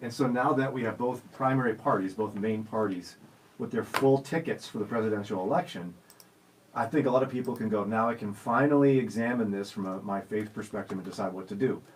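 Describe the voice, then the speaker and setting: A man's voice: fairly low pitch, brisk, a little hiss or hum, low-quality recording. A man co-hosting a radio show in the studio, chatting casually and telling stories in a playful, teasing way.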